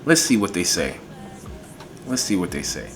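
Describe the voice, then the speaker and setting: A man reviewing fragrances in a casual vlog, excitable and enthusiastic, with a folksy way of talking. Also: sits low, moderate pace, faint music behind.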